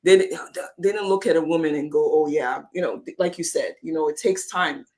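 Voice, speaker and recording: A woman in a casual faith-based podcast chat, speaking reflectively and haltingly, restarting her sentences. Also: sits low, darkish tone.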